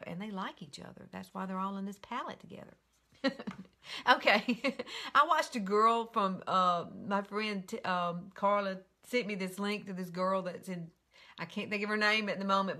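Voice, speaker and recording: Chatty Southern woman, older, bright voice. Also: mid-range voice. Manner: chatty, giggly, rambling. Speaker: makeup tutorial host. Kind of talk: casual live-stream chat. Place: bedroom at home.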